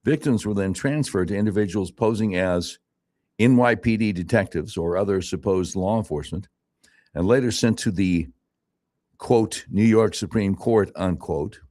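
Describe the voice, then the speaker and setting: Man, talk radio host, somewhat low voice, sarcastic asides, emphatic storytelling, radio studio. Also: normal speed, mellow. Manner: reads news aloud with sarcastic asides and laughs. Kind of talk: casual talk radio commentary.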